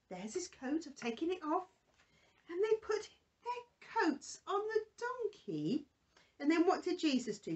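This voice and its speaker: A woman tells a Bible story to little children, talking to a puppet beside her. Her voice sits high and swoops up and down in a sing-song way. She takes it slow and gentle. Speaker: children's church presenter.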